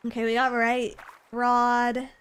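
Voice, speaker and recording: Woman, streamer, high-pitched, slow, teasing, flirty, playful gameplay chat. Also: monotone, fairly bright tone, clear, resonant tone. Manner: teasing, flirty banter with playful sing-song coaxing. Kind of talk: casual gameplay commentary.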